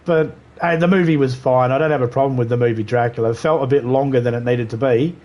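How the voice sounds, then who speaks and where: A man's voice: medium pitch, fast, a little mellow, dull audio. A man streaming a video game live, riffing in crude, rambling banter and laughing at his own jokes.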